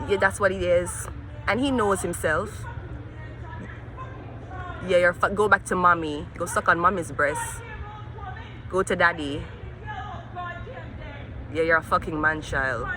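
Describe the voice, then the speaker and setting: A woman with a Jamaican accent doing a profane tarot reading vlog outdoors, swinging between angry rants and low muttering. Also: measured pace, long pauses, background noise. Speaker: tarot reader.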